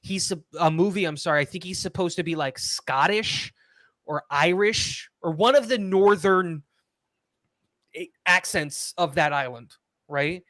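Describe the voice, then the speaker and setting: A man's voice: high voice, unhurried, bright, forceful tone, dry recording, studio quality. A man co-hosting a casual livestream chat, rambling and filling gaps with "um" and "like".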